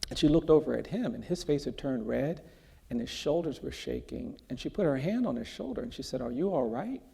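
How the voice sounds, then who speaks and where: A man speaking as a guest in an onstage conversation, telling a story in a measured, earnest way before an audience in a large hall. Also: mid-range voice, very animated, creaky, warm tone, husky. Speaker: guest speaker, justice advocate. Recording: long hall reverb.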